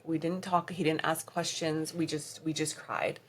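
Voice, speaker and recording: A woman with a low, deep-set voice recounts a painful chapter of her life as a podcast guest. She talks in a conversational way, acting out what others said, and at hard moments her voice sinks to a hushed near-whisper. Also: little pitch movement, normal speed, hardly any pauses, breathy edge. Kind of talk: emotional personal storytelling.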